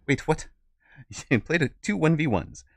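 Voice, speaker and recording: A man's voice: on the high side, lively intonation, moderate pace, gravelly, no echo. A middle-aged man streaming a strategy game, chatting playfully, thinking aloud about his moves and laughing often. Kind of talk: casual game commentary.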